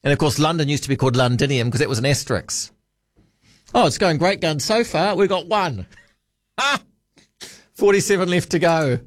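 A man's voice: a little high, expressive, normal speed, long pauses, no room sound, studio quality. A man hosting a talkback radio show, chatting casually with callers and musing aloud between calls.

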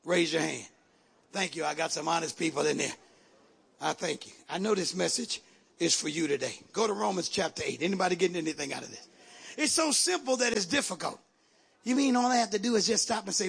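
Preacher guy in church, really high bright voice, husky, call and response and hollering. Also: brisk. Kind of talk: sermon. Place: church sanctuary.

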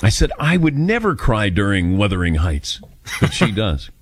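A man's voice: fairly low pitch, big pitch swings, moderate pace, slight background noise. A man in his fifties hosting a radio talk show, chatting and telling stories about himself in a casual, self-deprecating way into a studio microphone.

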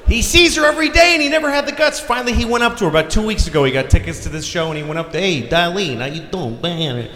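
A man doing crude stand-up comedy, telling a story and shouting his punchlines. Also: very high-pitched, very fast, echoey room, slight background noise.

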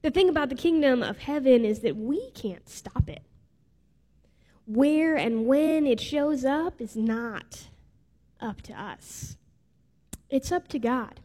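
A woman's voice: high voice, expressive, takes it slowly, pauses often, mellow. Heartfelt woman preaching in a reverberant hall. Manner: heartfelt, personal storytelling. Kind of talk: sermon storytelling. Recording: long reverb of a large hall.

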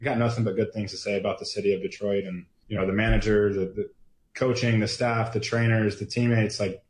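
A male athlete speaking in a press interview, halting with many restarts and fillers, sounding emotional. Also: fairly low pitch, flat delivery, roomy sound, a little hiss or hum.

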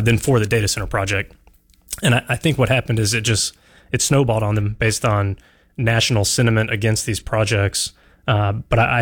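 Earnest male candidate on talk radio. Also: on the low side. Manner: earnest, measured, frequent "uh" and restarts. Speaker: political candidate, radio guest. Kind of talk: radio interview answers.

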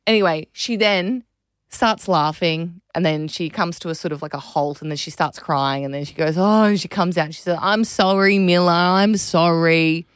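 A woman's voice: deep voice, moderate pace, no echo, studio quality. A woman in her thirties with an Australian accent, hosting a casual radio chat, telling stories animatedly and laughing often. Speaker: radio host. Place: radio studio. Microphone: studio mic.

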